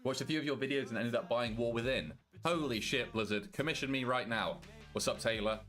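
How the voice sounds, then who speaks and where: Answering his chat from a walk-in wardrobe at home, a young British streamer speaks fairly quickly in a medium-pitched, fairly bright voice. His loose, casual talk includes plenty of swearing, and soft music plays in the background.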